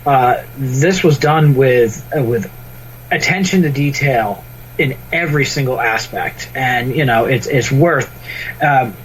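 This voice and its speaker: Co-host, man, mid pitch, eager and halting, faint hum on the line. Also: rough recording. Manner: enthusiastic, recommending with repeated hesitations. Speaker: podcast co-host. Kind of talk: casual podcast chat.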